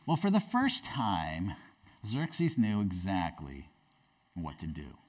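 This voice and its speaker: A pastor in a church, preaching a sermon with animated, dramatic storytelling. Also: male voice, deep voice, slow pace, distant mic.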